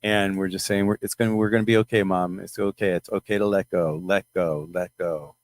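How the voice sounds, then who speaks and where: A middle-aged man telling a personal story to his followers in a rambling, halting way, with many restarts. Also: on the low side, level tone, dry recording. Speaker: channel host.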